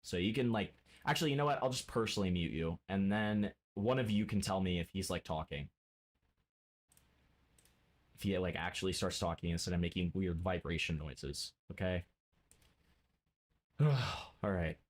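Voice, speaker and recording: A man's voice: deep voice, moderate pace, long pauses. A man streaming games, swearing and ranting in a mock-angry way at his chat and friends. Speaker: game streamer. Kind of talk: casual live-stream chat.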